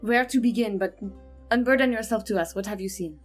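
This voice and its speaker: A woman's voice: fairly high pitch, fairly quick, soft background music, natural voice. A woman voicing an effusive young Frenchwoman with a French accent, speaking dramatically. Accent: French, put on.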